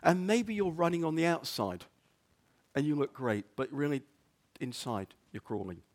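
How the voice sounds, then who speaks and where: A man preaching a sermon as a pastor, earnest, often repeating words and dropping soft on quotes. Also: on the high side, expressive, normal speed. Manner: earnest, stumbles and repeats words, drops to near-whisper on quotes.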